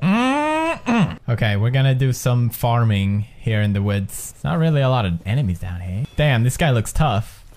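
Here the young Swedish gamer narrates his play at normal speed in a medium-pitched voice, faint music behind him. He's excitable and full of jokes and swearing, muttering to himself one moment and yelping at mishaps the next.

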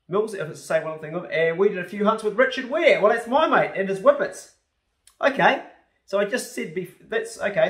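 A man with a New Zealand accent talks casually and bluntly, swearing freely as he reads his fan mail. His voice sits a little high for a man. The small room around him gives it a noticeable echo. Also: fairly bright tone. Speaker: YouTuber opening fan mail. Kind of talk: casual chat. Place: house truck on a rainy day.

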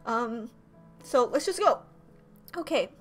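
A young woman with a high, light voice talks straight to her viewers in a vlog, close to tears. Her voice keeps breaking and she rambles and restarts, while faint music plays underneath. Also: lively intonation, slow. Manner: emotional, tearful, rambling with restarts. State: teary, voice breaking. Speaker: YouTuber. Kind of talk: emotional vlog talk to camera.

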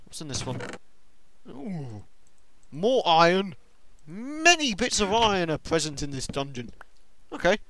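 A young man giving excitable let's-play commentary on a game, talking to himself and to the monsters. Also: a little high, a little hiss or hum. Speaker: gaming video host.

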